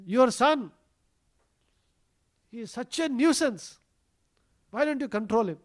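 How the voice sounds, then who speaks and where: A man putting on a group of cross village milkmaids, their complaints climbing high, talking fast and scolding like they're fed up with a naughty boy. it's a storytelling aside inside a temple talk. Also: lively intonation, exaggerated voice. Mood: indignant. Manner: complaining, raised scolding pitch. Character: indignant village milkmaids, women scolding a mother.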